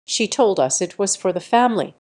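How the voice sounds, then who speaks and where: A woman's voice: medium pitch, animated, fairly quick, a little mellow, lightly acted. A woman narrator voicing a frightened elderly mother who pleads with her daughter in a trembling voice. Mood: panicked. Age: older.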